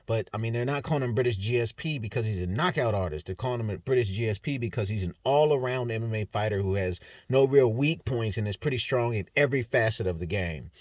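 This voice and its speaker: A man's voice: mid-range voice, quick pace, hardly any pauses, no echo, studio quality. A man giving a casual, joking breakdown of fight results, rambling and stumbling over fighters' names. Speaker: MMA fight breakdown host. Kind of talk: casual solo commentary.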